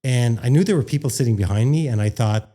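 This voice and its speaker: A man from Canada chats on a podcast, telling a story in a warm, mellow voice. He is animated and acts out the quoted lines of dialogue in a higher voice. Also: quick pace. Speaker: podcast guest, former radio worker. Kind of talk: casual storytelling chat.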